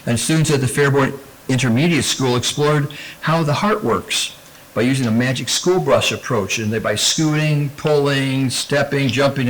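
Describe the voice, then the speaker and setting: A man's voice: medium pitch, fairly bright tone, poor audio. Man chairing a board meeting. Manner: informal, with hesitant fillers. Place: school board meeting room.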